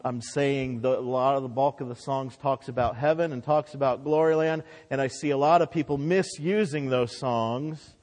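A man's voice: medium pitch, darkish tone, big-room sound. A man preaching a sermon with impassioned delivery, his voice rising and dropping for emphasis.

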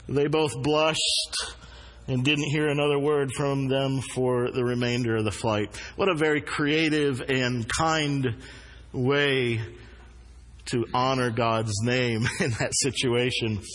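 A man preaching a sermon as a pastor in a church, earnest and deliberate, slowing down to stress key words. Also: medium pitch, fairly even intonation, a bit bright. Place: church sanctuary. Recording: long hall reverb.

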